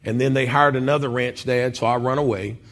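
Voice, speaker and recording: A man from Oklahoma telling a personal story as a guest speaker in a church chapel, with dramatic swings in loudness and pitch. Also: steady tone, brisk. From Oklahoma, USA.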